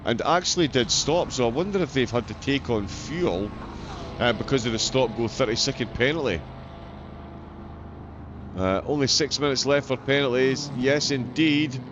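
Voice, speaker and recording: A man's voice: mid-range voice, moderate pace. Scottish male race caller, casual stream host, filler-heavy; muffled audio with engine noise underneath. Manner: chatty, frequent uh fillers, self-deprecating. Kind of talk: live sim-racing commentary. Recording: dull lo-fi audio with loud race car noise.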